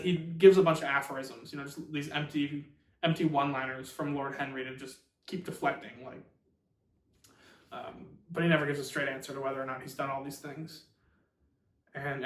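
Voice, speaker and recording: A man hosts a book channel and gives a chatty, rambling summary of a novel, full of fillers and quick restarts. His voice has a middling pitch. The sound is echoey, as if he sits some way from the mic in a bare room. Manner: rambling, filler-heavy, animated retelling. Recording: roomy echo, far from mic.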